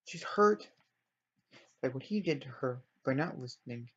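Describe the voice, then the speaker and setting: A man's voice: mid-range voice, animated, unhurried, a bit bright, slightly rough. A man casually narrating a story he builds in a life-simulation game, rambling and often correcting himself, on a dull lo-fi recording. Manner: rambling, self-correcting, apologetic. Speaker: let's play storyteller.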